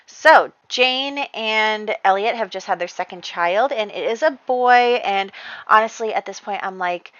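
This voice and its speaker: A woman's voice: mid-range voice, a little slow, fairly bright tone, dry recording, muffled recording. A woman narrating a life-sim game in a chatty, casual storytelling way, full of fillers. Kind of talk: casual let's-play storytelling.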